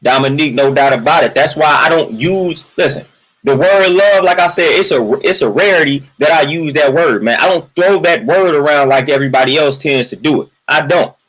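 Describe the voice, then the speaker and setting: Husky-voiced man venting on a livestream. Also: fairly high pitch, a little fast, a bit bright, rough recording. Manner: emphatic, repetitive, keeps adding "man"; reads out chat names between points. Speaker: livestream host. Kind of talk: casual livestream monologue.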